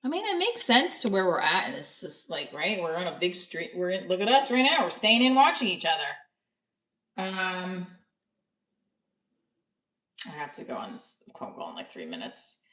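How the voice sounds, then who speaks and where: A woman's voice: lowish voice, sing-song, moderate pace, long pauses, a bit bright, reverberant, rough recording. A woman comedian with a New Jersey accent, chatting casually on a live stream, blunt and profane, reading viewer comments aloud.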